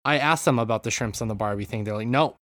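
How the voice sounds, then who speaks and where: A man co-hosting a podcast chats at length, apologising often, from a home room in a city where street protests are happening outside. He joins by remote call and mutes his mic. His voice is lowish and fairly bright, he speaks at a racing pace, and the recording is dry and studio quality.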